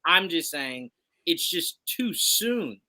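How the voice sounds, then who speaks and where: Emphatic bright-voiced man debating. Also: on the high side, big pitch swings, takes it slowly. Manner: emphatic, poses and answers his own rhetorical questions. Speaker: podcast co-host. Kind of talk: casual live sports chat.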